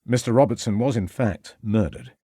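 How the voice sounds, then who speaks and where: A man's voice: fairly low pitch, warm tone, breathy edge, dry recording, clean studio sound. A man voicing a determined male police inspector who speaks firmly and assertively. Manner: firm, assertive, measured.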